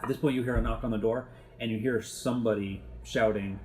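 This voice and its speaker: A man narrating a tabletop game as game master in a relaxed, improvised way. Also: medium pitch, fairly quick.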